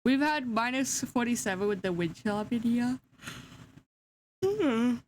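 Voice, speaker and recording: A woman's voice: fairly high pitch, expressive, unhurried, a little mellow, slight background noise. A young woman chatting casually to her live-stream chat, sleepy, giggly and yawning. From Australia.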